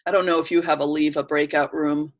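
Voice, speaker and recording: A woman runs a training session over a video call. Her voice sits slightly low, and she speaks gently and thoughtfully. She often pauses mid-sentence while searching for the right words. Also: flat delivery. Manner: soft, unhurried, searching for words. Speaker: workshop facilitator. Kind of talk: calm reflective talk in a training session.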